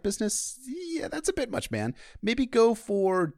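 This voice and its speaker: A man hosting a podcast, retelling a book in a casual, chatty way with irreverent asides. His pitch swings about lively as he talks. The recording is dry and close. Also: normal speed, few pauses, no room sound. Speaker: podcast host.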